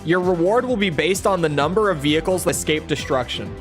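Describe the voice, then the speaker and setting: A man's voice: on the high side, fairly quick, few pauses, husky, faint music behind. A young man streaming a video game, chatting casually and picking apart the mission text with sarcastic asides. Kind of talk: casual gameplay commentary.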